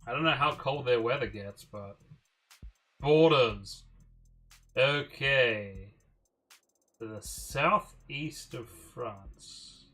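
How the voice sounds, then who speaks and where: A man's voice: mid-range voice, extremely slow, long pauses, bright, forceful tone, faint music behind. A man streaming a game, musing aloud in a casual, mildly profane way. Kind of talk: casual livestream commentary.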